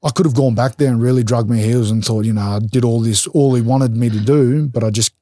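A man's voice: medium pitch, a little fast, dark tone, no echo, studio quality. A young Australian man, a rugby league player, telling stories bluntly in a casual interview, swearing freely and acting out what others said.

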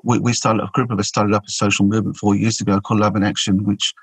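A man, a podcast guest, telling a story in an animated way and often repeating and restarting his words. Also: on the low side, fast talker, breathy edge, no echo, low-quality recording. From Australia.

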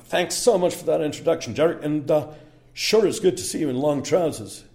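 A man's voice: on the low side, lively intonation, slow pace, darkish tone. A man putting on a brash American speaker's voice that drifts toward Australian as he retells a joke. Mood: jokey.

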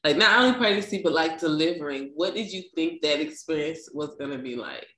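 A woman's voice: low-pitched, animated, a little fast, sharp tone. A woman in a casual chat, chiming in and asking curious questions. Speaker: podcast co-host. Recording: roomy echo.

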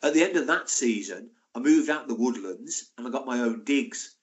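A man in his sixties talks as a podcast guest, recalling his playing days. His mid-range voice rises into animated, laughing storytelling as the anecdotes build. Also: medium pitch, moderate pace. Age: 60s. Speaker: former footballer, guest. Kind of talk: casual storytelling.

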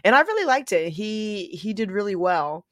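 A woman co-hosting a podcast over a video call, animated and swearing freely. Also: medium pitch, no room sound, studio quality. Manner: animated, swearing, quick reactions. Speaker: podcast co-host. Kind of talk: casual chat.

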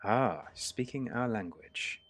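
A man voicing a menacing bald man who makes quiet, cold threats in a tabletop game. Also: expressive, takes it slowly, a little hiss or hum. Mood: quiet menace. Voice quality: soft, low, hushed threats.

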